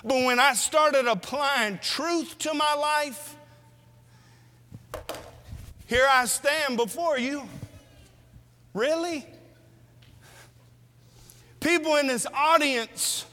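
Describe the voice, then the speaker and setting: High, bright-voiced man preaching in a reverberant hall. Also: slow pace, long pauses. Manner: animated, exhorting the congregation with rhetorical questions. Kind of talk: sermon.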